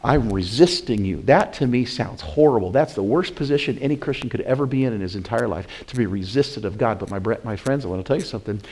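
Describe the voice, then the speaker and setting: A male pastor preaching a sermon in church, chatty and repetitive, asking the congregation questions and swinging between loud emphatic peaks and quiet intense asides. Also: medium pitch, fast, hardly any pauses. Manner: conversational, repeats phrases, asks the congregation questions.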